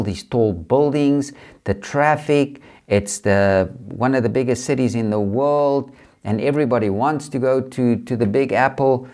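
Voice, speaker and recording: A man's voice: mid-range voice, darkish tone. Earnest man telling a story. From South Africa. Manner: earnest, repetitive, builds emphasis. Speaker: podcast host. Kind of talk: motivational storytelling.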